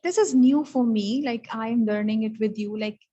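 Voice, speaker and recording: A woman with a Pakistani English accent teaching English vocabulary in an online lesson, explaining each word and repeating it slowly. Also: fairly high pitch, dark tone, lo-fi sound.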